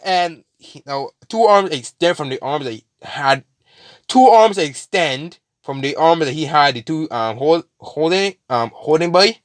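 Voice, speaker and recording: A man's voice: a little high, lively intonation, a little slow, no room sound, clean studio sound. A man casually retelling a fan story, rambling with lots of fillers, restarts and swearing.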